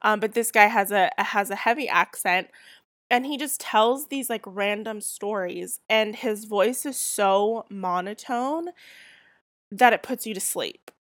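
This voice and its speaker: A woman's voice: mid-range voice, a little slow, a bit bright, dry recording, studio quality. A young woman with a Southern California accent, hosting a casual solo podcast, rambling and chatty with lots of fillers while getting over a cold. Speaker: podcast host.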